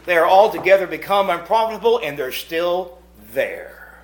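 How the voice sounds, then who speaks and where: A middle-aged preacher delivering a sermon in a church, his voice fairly high and swooping all over. He drops to hushed asides, then rises to shouted points. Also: expressive, moderate pace. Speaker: pastor. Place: church meeting house.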